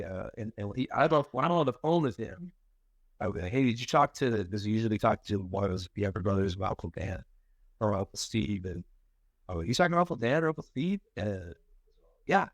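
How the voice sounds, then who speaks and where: A man's voice: lowish voice, no echo. A man co-hosting a podcast, chatting casually and telling family stories with rambling restarts and easy laughter. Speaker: podcast co-host. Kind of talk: casual chat.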